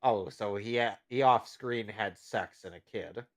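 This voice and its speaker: A man's voice: fairly low pitch, unhurried. Sarcastic man riffing on a film. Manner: sarcastic, mock-exasperated quips. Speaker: movie riffing host. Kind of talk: casual movie riffing commentary.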